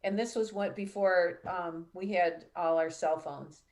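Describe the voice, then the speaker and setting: A middle-aged woman hosting a live call-in show as a psychic medium, telling a personal story in a chatty, animated way. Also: on the low side, unhurried. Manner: chatty, animated when retelling dialogue.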